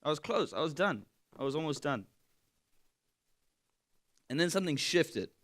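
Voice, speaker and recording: Guy preaching a sermon, kinda high voice, talks like a friend, gets loud then goes real quiet. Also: big pitch swings, normal speed. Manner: candid and conversational, swings from loud to hushed. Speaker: pastor.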